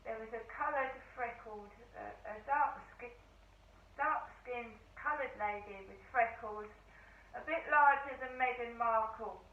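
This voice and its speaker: A hoarse middle-aged woman chatting casually to her vlog camera at home, telling a rambling story. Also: on the high side, measured pace. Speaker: vlogger. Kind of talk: casual diary-style chat. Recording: echoey room, distant mic, dull sound, faint hiss.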